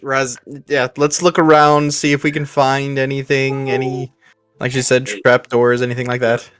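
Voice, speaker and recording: Brief: male player, mid pitch, smooth resonant voice, dry close sound, scheming tone. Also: completely flat delivery, moderate pace, a bit bright, no echo, faint music behind. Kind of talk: tabletop game play.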